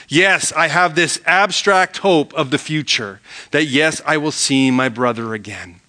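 A male pastor with a bright, ringing voice that sits a little high for a man. He reads verses aloud, then explains them by posing questions back to his listeners in a sermon. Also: a little slow.

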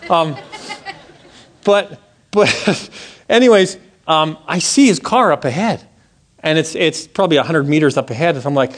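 Animated pastor telling a story. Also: male voice, moderate pace, pauses often. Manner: animated storytelling, acts out quotes with big pitch jumps; conversational, asks the audience questions. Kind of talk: sermon with personal story.

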